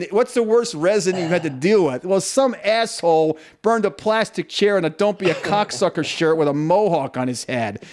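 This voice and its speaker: A man co-hosting a casual podcast, telling stories in an animated, jokey way and acting out what people said. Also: sits high. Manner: animated storyteller, jokey, acts out quotes. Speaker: podcast co-host. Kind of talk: casual chat.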